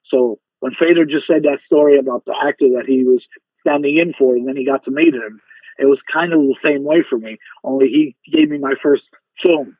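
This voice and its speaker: A man's voice: medium pitch, fairly quick, no echo, lo-fi sound. A man, an actor guest on a podcast, telling stories animatedly and acting out the voices of the people in them. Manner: animated, acts out quoted voices in his stories. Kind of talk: casual interview storytelling.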